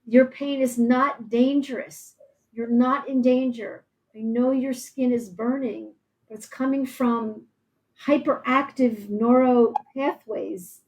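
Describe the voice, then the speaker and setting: A woman's voice: fairly high pitch, fairly even intonation, slow, rough recording. Reassuring woman hosting a live show. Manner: encouraging, reassuring, thinks aloud with restarts. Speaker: podcast host. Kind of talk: live-streamed interview.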